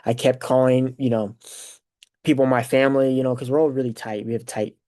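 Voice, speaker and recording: A man's voice: mid-range voice, fast talker. A young man hosting a podcast, telling a personal story in a casual, rambling way full of fillers. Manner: rambling, filler-heavy, animated retelling. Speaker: podcast host.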